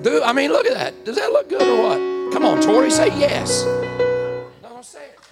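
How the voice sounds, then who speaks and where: A man's voice: very high voice, huge pitch swings, a little slow, over loud music. A man preaching a sermon, calling out to the congregation with rising fervor. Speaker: pastor.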